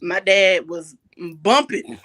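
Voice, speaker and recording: A woman in a casual family chat at home, sassy and quick to laugh. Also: medium pitch, expressive, a bit bright. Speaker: family member guest.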